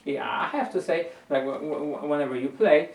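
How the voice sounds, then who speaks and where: Guy teaching violin, patient and repeating himself, kinda high voice, roomy echo. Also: normal speed. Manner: patient, repeats words while searching for phrasing. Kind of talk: music lesson coaching. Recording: roomy sound from a distant mic.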